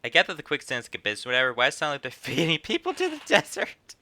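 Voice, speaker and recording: A man's voice: on the high side, huge pitch swings, rapid-fire, bright, forceful tone. A young man streaming a game, making casual self-mocking remarks between readings. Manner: laughing, self-mocking asides. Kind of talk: casual gameplay commentary.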